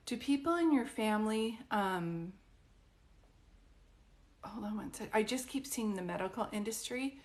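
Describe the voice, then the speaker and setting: A woman's voice: mid-range voice, animated, unhurried, pauses often. A woman doing a psychic reading on a live stream, chatty and reassuring, with many fillers and restarts. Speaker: psychic medium.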